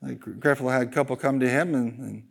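A male pastor preaching a sermon, animated and joking, leading the congregation in call-and-response. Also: mid-range voice, fairly quick, creaky.

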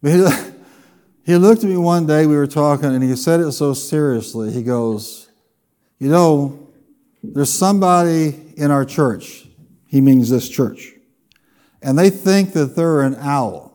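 A man preaching a sermon, telling a funny personal story with lively, animated delivery. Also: a little high, a little slow. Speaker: pastor.

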